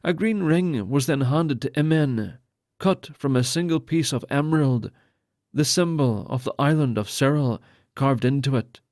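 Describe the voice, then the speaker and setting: A man's voice: mid-range voice, moderate pace, darkish tone, no room sound, clean studio sound. Man reading a fantasy audiobook. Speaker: audiobook narrator. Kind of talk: scripted fantasy narration.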